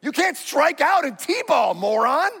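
A man's voice: very high-pitched, sing-song, unhurried, pushed and bright, voice pushed up, heavily acted. A male preacher voicing a harsh father who mocks and belittles his small child. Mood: mocking. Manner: sneering, belittling. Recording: reverberant hall.

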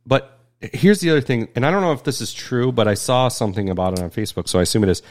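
A man's voice: medium pitch, quick pace. A man co-hosting a casual chat show, rambling loosely with plenty of fillers. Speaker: podcast co-host.

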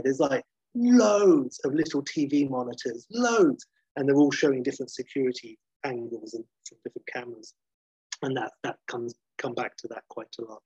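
A man retelling a story at length in a casual, lively way, swearing now and then and acting out the characters' lines. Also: medium pitch, slightly rough, no room sound. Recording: dull muffled lo-fi sound.

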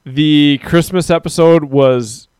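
A man's voice: fairly high pitch, takes it slowly, darkish tone, clean tone, dry recording. A man hosting a live stream, chatting casually and rambling as he reads out viewers' comments. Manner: rambling, talks to chat viewers, mock-quotes people. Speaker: podcast host.

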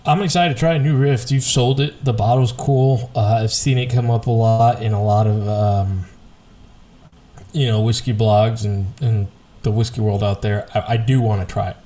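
A man's voice: lowish voice, fairly even intonation, moderate pace, mellow. A man co-hosting a podcast, talking in an easygoing, rambling way with many hesitations. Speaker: podcast co-host. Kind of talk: casual whiskey chat.

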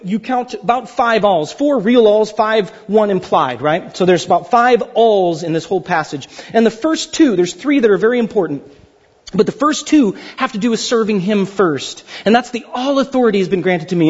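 A man's voice: high-pitched, breathy edge, dull audio. A man preaching a sermon as pastor, in a conversational, jokey way with playful acted quotes.

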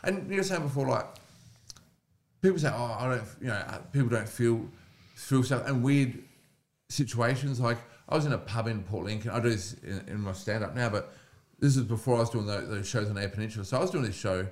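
A man's voice: medium pitch, a little fast. A young Australian man on a podcast, a comedian telling casual stories and acting out the people in them. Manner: animated storyteller who acts out quoted voices. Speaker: comedian and mental health speaker.

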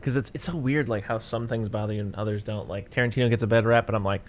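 A man's voice: lowish voice, steady tone, fast, slight background noise. A young man co-hosting a casual podcast, giving candid film opinions in a laid-back way and laughing often. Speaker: podcast co-host. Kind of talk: casual chat.

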